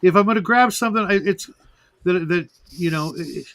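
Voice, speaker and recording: A man's voice: high-pitched, normal speed, a bit bright. A middle-aged man hosting a podcast in casual chat, rambling with stammering restarts. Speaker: podcast host.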